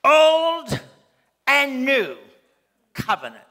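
Male pastor, bright high voice, animated sermon with acted-out scenes. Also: unhurried, long pauses.

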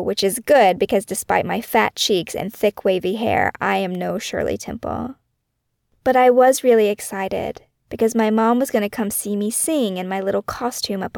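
A woman narrating her own memoir in a measured, reflective scripted reading for a podcast she wrote. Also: medium pitch, gravelly, a little mellow, no room sound, studio quality.

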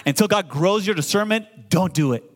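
A man in his forties preaching a sermon, animated and full of call-and-response, often stammering and repeating words when excited. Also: high voice, normal speed, soft background music. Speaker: pastor.

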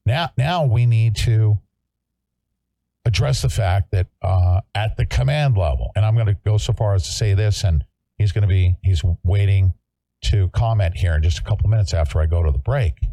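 A man's voice: fairly low pitch, lively intonation, moderate pace, warm tone, no echo. A man hosting a political talk show, speaking emphatically and repeating himself to rally his listeners.

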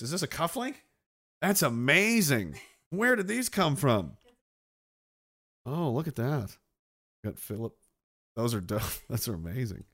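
A man's voice: a little high, bright, forceful tone. A man hosting a live show, ranting sarcastically with lots of swearing and reading out viewer comments. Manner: profane, sarcastic, reads chat comments aloud. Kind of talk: casual livestream rant.

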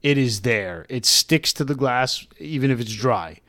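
A man co-hosting a casual podcast, chatty, reading out tasting notes in a flat list-like way on a close mic. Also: medium pitch, a little slow, dry recording. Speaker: podcast co-host.

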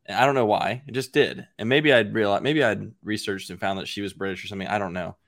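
A man's voice: on the low side, fast talker, a bit bright, no echo, studio quality. A man, a father, chatting casually on a podcast, rambling with repeated words and self-mocking humor. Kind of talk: casual chat.

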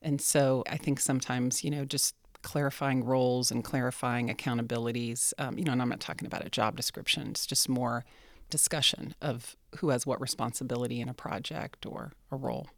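A man in a discussion, explaining a point in an even way. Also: medium pitch, brisk, no echo. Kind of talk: conversational discussion.

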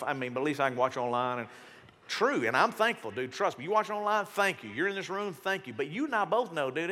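A man preaches from a stage mic in a church auditorium, his voice high and bright. He talks casually and with lots of life, often putting on other people's voices. Long reverb trails off each phrase. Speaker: pastor. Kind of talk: sermon.

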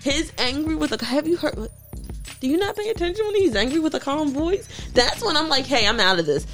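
A woman's voice: sits high, big pitch swings, a little fast, a bit bright, soft background music. A woman co-hosting a podcast, chatting casually and ranting emphatically. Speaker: podcast co-host.

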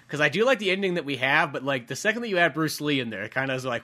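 Fast, bright-voiced man gushing about films. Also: a little high, expressive. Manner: fast, filler-heavy, full of "like". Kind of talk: casual movie chat.

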